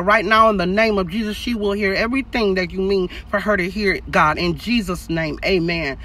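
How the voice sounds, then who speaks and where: A woman's voice: mid-range voice, moderate pace, few pauses, bright, forceful tone. A middle-aged woman preaching an encouraging sermon on a phone livestream from a parked car, emphatic and calling out to her viewers.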